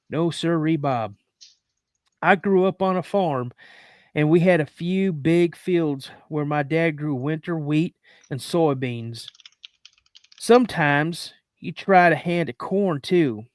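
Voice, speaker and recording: A middle-aged man talks with a fairly high voice in a dry, close sound. He hosts casually, joking and rambling, often restarting his sentences as he reads a story aloud. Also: no room sound. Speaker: podcast host. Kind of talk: casual chat and reading a listener's story aloud.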